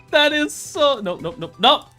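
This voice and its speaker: A man's voice: high-pitched, sharp tone. A streamer, seemingly a man, giving casual commentary on a racing game, repeating phrases and breaking into fits of laughter.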